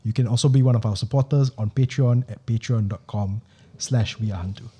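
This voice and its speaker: A man reads out a podcast announcement in a put-on newsreader style, formal and even. His tone is mellow and a little husky, recorded on a studio mic. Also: medium pitch, brisk. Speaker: podcast host. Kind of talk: scripted announcement read in a newsreader voice.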